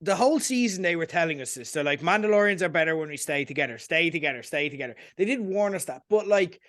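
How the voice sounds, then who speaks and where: Higher-voiced man giving measured opinions. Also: expressive, fairly bright tone. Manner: measured, reflective, hedges his opinions. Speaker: podcast co-host. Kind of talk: casual chat.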